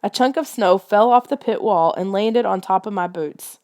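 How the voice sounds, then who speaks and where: Reading a children's adventure story from a script, this woman keeps the narration tense and suspenseful. Her mid-range voice has a darkish tone and moves at normal speed.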